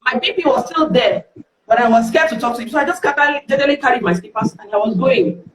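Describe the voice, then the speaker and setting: A woman's voice: on the high side, quick pace, a little hiss or hum. A woman with a Nigerian accent, a guest speaker telling candid stories on a live stream and acting out the dialogue in them. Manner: lively, acts out dialogue in the stories. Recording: roomy echo.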